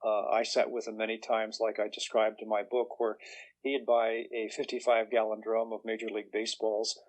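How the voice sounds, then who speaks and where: An older man, a guest author, telling relaxed anecdotes in a chatty way and acting out the voices of people he quotes. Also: on the low side, moderate pace, rough recording. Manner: chatty, acts out quoted voices, chuckles through punchlines.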